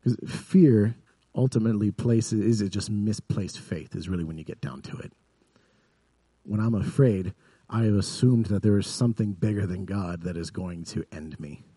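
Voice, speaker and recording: A man preaching a sermon in an earnest way, building up to vivid emphasis and then dropping soft. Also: fairly low pitch, moderate pace, slightly rough, no echo. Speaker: pastor.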